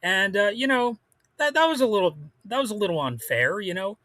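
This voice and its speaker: A man's voice: high voice, big pitch swings, a little fast, bright, forceful tone, no echo. A man hosting a solo podcast, rambling casually with lots of fillers and restarts, blunt and prone to swearing. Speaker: podcast host.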